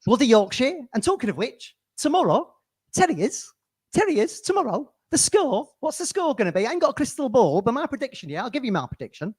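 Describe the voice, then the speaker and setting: A man's voice: very high voice, sing-song, brisk, darkish tone, breathy edge, dry recording, pitched above the performer's own voice, full character voice. A man putting on an impression of a brash, boastful male football pundit, speaking in rambling, punchy declarations.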